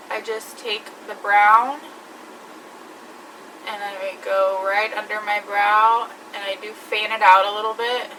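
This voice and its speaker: A woman with a bright, crisp voice explains each step of her makeup in a chatty vlog. She sounds set back from the mic, with a faint hum of the room behind her. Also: medium pitch, distant mic, rough recording. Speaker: beauty vlogger. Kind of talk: makeup tutorial.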